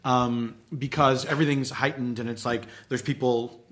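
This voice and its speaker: A comedy performer talking casually, halting and restarting with lots of fillers. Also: male voice, medium pitch, fairly even intonation, fairly bright tone. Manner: halting, full of ums and restarts.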